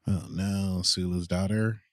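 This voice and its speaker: A man's voice: low-pitched, fairly even intonation, no room sound, studio quality. A man co-hosting a podcast, giving jokey, chatty commentary as he watches a movie. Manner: jokey, chatty, quick to laugh at the screen. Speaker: podcast co-host.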